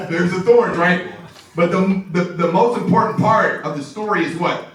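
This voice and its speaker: A man giving an energetic, excitable motivational training talk to a live audience in a large room, laughing often and asking "right?" a lot. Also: high voice, a little hiss or hum. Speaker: sales trainer. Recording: echoey room, voice from far off.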